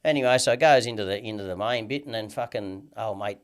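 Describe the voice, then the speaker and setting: Rambling, sweary Australian man, low voice. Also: fast talker. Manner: rambling, sweary, lots of "you know what I mean". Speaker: guest. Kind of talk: casual storytelling interview.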